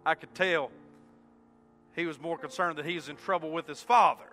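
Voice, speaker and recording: A male pastor telling a story in a sermon, swinging between loud exclaiming and hushed tones. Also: on the high side, steady tone, normal speed, in a large hall, faint music behind. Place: church sanctuary.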